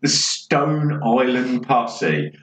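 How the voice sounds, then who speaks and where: A man, co-hosting a podcast and rambling through dark comic stories with drunk banter. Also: medium pitch, sing-song, very slow. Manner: rambling, keeps checking with "right?". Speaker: podcast co-host. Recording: roomy, distant, dull and slightly noisy.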